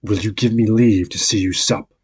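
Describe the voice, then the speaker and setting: A man voicing a gentle, unhappy male beast who speaks with awkward politeness in a low, rough voice. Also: steady tone, normal speed. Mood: courteous.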